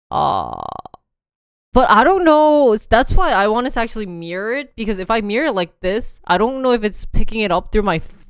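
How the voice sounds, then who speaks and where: Mid-range, clear, and resonant, this young woman's voice comes through clean studio audio with no echo. Hosting a casual livestream, she rambles, laughs often, and reads short sample passages aloud to a phone app.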